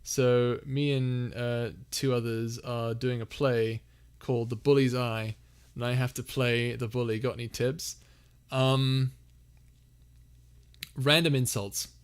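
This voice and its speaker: Young man, casual livestream chat, giggly, mid-pitched voice. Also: steady tone, slow, clear, resonant tone. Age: young adult. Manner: giggly, reads chat messages aloud. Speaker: livestream host.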